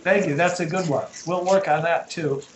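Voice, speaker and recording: A fairly high-voiced American man leads an online English lesson, patiently breaking words into syllables and spelling them out. His voice carries the echo of a bare room over a call, with faint noise underneath. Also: steady tone, moderate pace. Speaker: English teacher. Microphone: video call.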